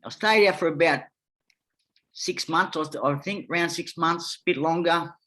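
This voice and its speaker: A man's voice: a little high, normal speed, pushed and bright. An Australian man telling rambling stories as a podcast guest, talking bluntly and swearing freely. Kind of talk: casual storytelling.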